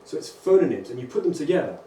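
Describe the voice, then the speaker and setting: A man, a rabbi, giving a lively conference lecture to teachers and often checking in with "right?" and "okay?". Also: on the high side, quick pace. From England. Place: large lecture hall. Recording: echoey hall, distant mic, faint hum.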